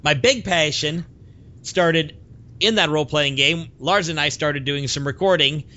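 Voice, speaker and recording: A man hosting a podcast in a bright, forceful voice that sits a little high. He teases and tells stories in casual chat. The recording is dull and lo-fi. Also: measured pace. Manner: teasing, storytelling. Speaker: podcast host.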